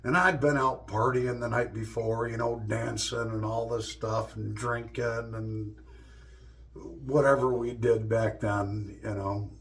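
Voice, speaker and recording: A man's voice: mid-range voice, steady tone, measured pace, fairly bright tone. A middle-aged man vlogging and telling stories in a loose, profane, joking way. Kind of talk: casual storytelling monologue.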